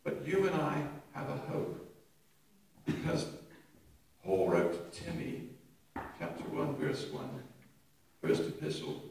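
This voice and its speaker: An older man, preaching a sermon with animated humour, recorded from a distant mic in an echoey church. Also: a little high, slow, creaky, pauses often, slight background noise. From England. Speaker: pastor. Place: church hall.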